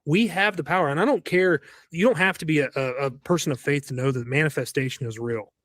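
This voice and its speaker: A man's voice: on the high side, fast talker, no echo. Earnest young father, dry close sound. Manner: earnest, animated storytelling with frequent restarts. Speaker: guest, roofing business owner. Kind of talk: casual podcast chat.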